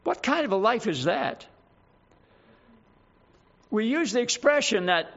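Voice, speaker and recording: A male preacher with a strikingly high voice delivers an emphatic sermon, driving home each point with rhetorical questions. The recording sounds dull and lo-fi. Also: very animated, a little slow, gravelly, pauses often, a bit bright.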